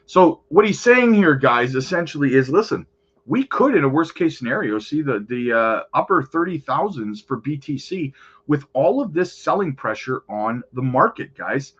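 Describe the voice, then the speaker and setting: A man's voice: fairly high pitch, very animated, moderate pace, husky, dull audio. A man hosting a crypto channel, chatting casually over market charts and often calling out to his viewers.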